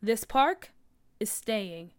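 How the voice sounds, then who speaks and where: A woman's voice: medium pitch, animated, very slow, clear, resonant tone, no echo. A woman voicing a formal, authoritative man who heads a historical society, in a storybook read-aloud.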